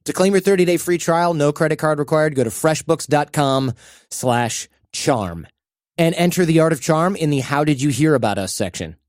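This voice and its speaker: A man's voice: on the high side, animated, moderate pace, darkish tone, dry recording, studio quality. A man hosting a podcast, reading sponsor spots in a loose, chatty way and briefly acting out little quoted voices. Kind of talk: casual ad read with banter.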